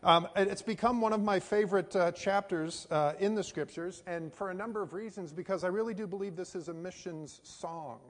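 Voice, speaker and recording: A middle-aged American man, a missionary pastor, preaching a sermon and telling a personal story in a folksy way with many fillers. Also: high-pitched. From United States. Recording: hall reverb.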